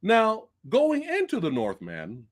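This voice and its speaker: This is a male host of a live movie review stream who talks in a loose, chatty way and drops swear words without a second thought. His pitch swings widely as his excitement builds. He speaks straight to the viewers at home. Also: slow pace. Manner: chatty, addresses viewers directly. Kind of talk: casual live-stream chat.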